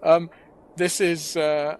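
Joking and poking fun, a podcast co-host acts out voices during casual conversation. His fairly high voice is level and slow, sounding clear and resonant.

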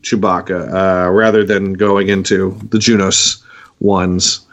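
A man co-hosting a podcast, talking in a halting, casual way with frequent restarts. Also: sits low, little pitch movement. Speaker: podcast co-host.

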